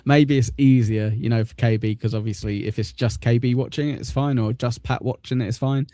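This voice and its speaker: A man co-hosting a podcast in a loose, teasing way, with laughter scattered through his talk. His pitch sits in an ordinary middle range. He is on a close mic with a dry sound and almost no room echo. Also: fairly even intonation, brisk, dark tone. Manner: laughs often, teasing and banter-heavy. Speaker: co-host. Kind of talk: casual podcast chat reacting to clips.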